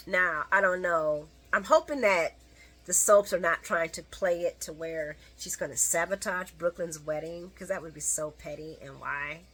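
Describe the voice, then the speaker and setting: This middle-aged woman speaks at a fairly low pitch with a fairly bright, slightly rough tone. She gives a casual, opinionated solo recap of a soap opera, chatting to her viewers with lots of fillers and asides.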